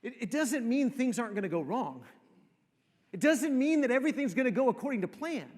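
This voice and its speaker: High-voiced man preaching in an echoing church. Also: big pitch swings. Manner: repeats phrases for emphasis, drops to soft pauses. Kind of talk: sermon. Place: church sanctuary. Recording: long reverb of a church hall.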